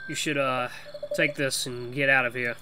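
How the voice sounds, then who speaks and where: A man's voice: mid-range voice, little pitch movement, moderate pace, noisy background, close to an everyday voice. A man voicing a weary male mouse from a video game in a put-on Boston accent, musing and conspiratorial. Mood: shaken. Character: weary working-class male mouse, tavern dweller.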